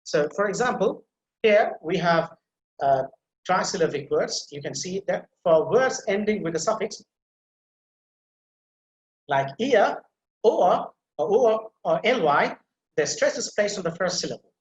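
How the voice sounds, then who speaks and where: A male teacher giving a pronunciation lecture, repeating example words slowly and stressing their syllables, a native Bengali speaker. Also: high voice, expressive, roomy sound, dull audio. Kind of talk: online lecture.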